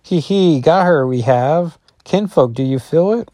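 A man's voice: fairly high pitch, animated, measured pace, mellow, no echo, clean studio sound, pitched above the performer's own voice. Man doing a gloating werewolf with backward speech. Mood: cackling. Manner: inverted word order. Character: scheming male werewolf pack, odd backward speech.

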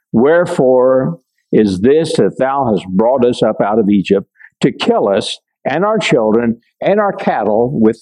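An older man giving a conversational Bible lesson, reading scripture aloud and breaking off to explain it, with frequent pauses and check-ins with his listeners. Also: medium pitch, dark tone, low-quality recording. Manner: many fillers and restarts, checks in with listeners. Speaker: Bible teacher.

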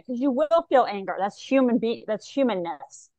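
A woman guest on an interview show talks about her work as a psychic medium, animated and quick to act out the voices of the people she describes. Her voice sits a little high. The sound is dry and close, with no room around it. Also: dry recording, highs cut off. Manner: animated, acts out clients' voices in quotes. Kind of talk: conversational interview talk.

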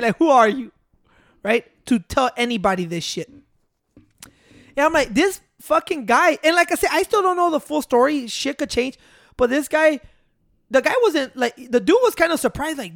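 A man's voice: extremely high pitch, expressive, a little fast, vocal fry, a bit bright, no room sound. Casual rambling man, dry close sound. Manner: rambling storytelling with profanity and slang. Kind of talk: casual podcast chat.

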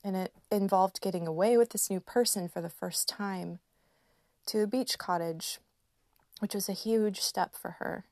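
Slow gentle woman with a gravelly edge. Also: mid-range voice, dry recording, clean studio sound. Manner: slow, gentle and emotional, with soft laughs. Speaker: podcast host. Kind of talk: reflective personal monologue.

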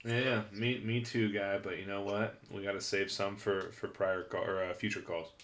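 A man's voice: fairly low pitch, little pitch movement, moderate pace, a bit bright. A man hosting a casual podcast, laid-back and swearing freely as he tells stories. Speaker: podcast host. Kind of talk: casual chat.

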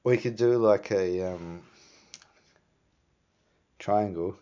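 A man with a New Zealand accent rambles through his vlog in a laid-back way, swearing offhandedly. His voice is fairly low, very slow and dark in tone; the voice itself is clean, but the recording sounds dull and lo-fi.

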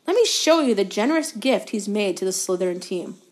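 A woman's voice: mid-range voice, lively intonation, brisk, darkish tone, close to an everyday voice. Marcus Flint, a woman doing a smug big rival. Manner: sly, careless, gloating. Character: big smug teenage boy rival captain.

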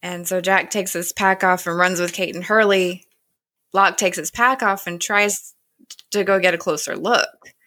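A woman's voice: fairly low pitch, steady tone, unhurried, sharp tone. A woman casually retelling a TV episode scene by scene, quoting the characters with "he's like" and "she's like". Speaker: show recapper.

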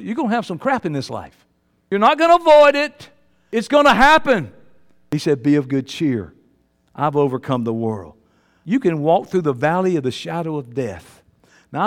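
High-pitched preacher in an echoing hall. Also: male voice. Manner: preaching with swings between shouting and quiet asides; folksy, colloquial speech. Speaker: pastor. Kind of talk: sermon.

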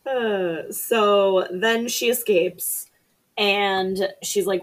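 A woman's voice: medium pitch, fairly even intonation, very slow. A woman recapping a horror film in casual podcast chat, telling it dryly and sarcastically while quoting the characters. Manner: dry, sarcastic storytelling with acted-out lines.

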